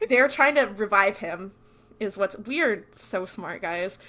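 A woman's voice: medium pitch, a little slow. A woman co-hosting a podcast, recapping a TV episode in casual chat and acting out the lines. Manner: animated storytelling, acts out quotes. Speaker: podcast co-host.

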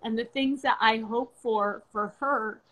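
An older woman hosts a faith-based conversation, speaking in an earnest and reflective way. Her voice sits a little high, and she pauses often with fillers as she gathers her thoughts. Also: fairly even intonation, fairly bright tone, low-quality recording. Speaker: podcast host.

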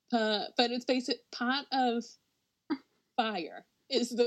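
A woman's voice: fairly high pitch, takes it slowly, rough recording. Chatty woman podcast host. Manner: chatty, laughs often, frequent "like". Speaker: podcast co-host presenting a topic. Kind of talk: casual podcast chat.

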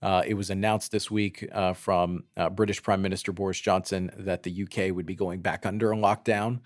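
A man's voice: low-pitched, level tone, a little fast, no room sound, clean studio sound. A man co-hosting a casual talk show, easygoing and joking, with many fillers. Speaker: podcast co-host. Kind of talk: casual chat, news roundup.

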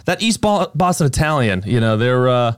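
A man's voice: medium pitch, very animated, normal speed, clear, resonant tone, no room sound, studio quality. A man hosting a podcast call-in, bantering and joking in an upbeat, casual way. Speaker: podcast host.

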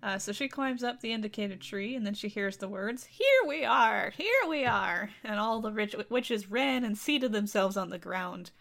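Female podcast co-host, sarcastic storyteller, average pitch. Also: normal speed, hardly any pauses. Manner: wry, sarcastic asides, frequent laughter. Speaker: podcast co-host retelling a folk tale. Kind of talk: casual comedic storytelling.

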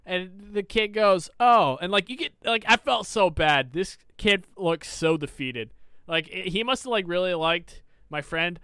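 A man's voice: high-pitched, animated, unhurried, bright, forceful tone, clean tone, dry recording. A young man co-hosting a podcast, telling a casual anecdote with lots of swearing and laughter. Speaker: podcast co-host. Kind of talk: casual chat, storytelling.

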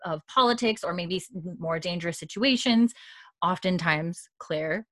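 Animated young woman recapping a show. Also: lowish voice, normal speed, dry recording, clean studio sound. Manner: animated storytelling, acting out quotes, laughs often. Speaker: podcast host recapping a TV episode. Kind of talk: casual chat.

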